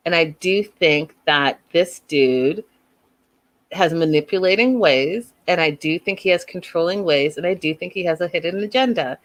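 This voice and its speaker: Lady recapping reality tv, kinda low voice, super opinionated and animated. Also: normal speed. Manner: animated, opinionated, acts out quotes. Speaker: show host reviewing reality TV. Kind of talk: casual recap commentary.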